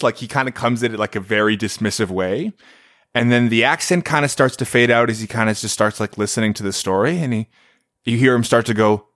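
A man's voice: medium pitch, a little fast, no echo, studio quality. A man co-hosting a tabletop game podcast, casually telling a story and acting out quotes. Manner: animated, acts out quotes from friends. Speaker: podcast co-host.

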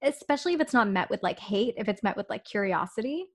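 Relaxed young woman podcast co-host. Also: mid-range voice, fast. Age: young adult. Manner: relaxed and responsive, asks questions, many "like" fillers. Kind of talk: casual podcast chat.

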